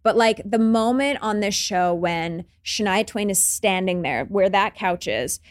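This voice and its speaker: A middle-aged woman, a guest on a podcast, chatting casually and telling stories with lively acted-out quotes. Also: medium pitch. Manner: animated storytelling, acts out quotes. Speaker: guest, TV show creator and host.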